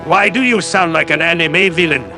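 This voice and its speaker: A man's voice: fairly high pitch, normal speed, gravelly, music in the background. A man giving a sarcastic, condescending callout commentary as a YouTube commentator.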